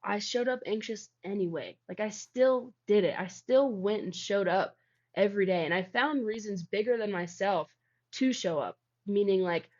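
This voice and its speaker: A woman's voice: medium pitch, moderate pace, a little mellow. Rambling young woman telling her story. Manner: rambling, heavy use of "like". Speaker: guest, founder of a healing practice. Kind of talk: casual storytelling interview. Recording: dull lo-fi audio.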